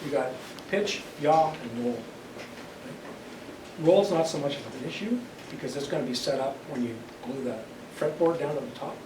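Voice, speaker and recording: An older man giving a casual step-by-step woodworking demonstration at a club meeting. He explains patiently, stumbles over and repeats words, and clears his throat now and then. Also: medium pitch, normal speed. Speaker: club presenter. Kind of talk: casual hands-on demonstration talk. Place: club meeting room, indoors. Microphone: room mic far from the speaker. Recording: echoey, distant, noisy room recording.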